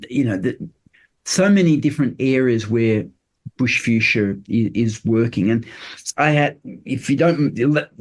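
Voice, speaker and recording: Older man explaining earnestly. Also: medium pitch. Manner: earnest, explanatory, with many fillers and restarts. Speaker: guest. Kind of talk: casual interview chat.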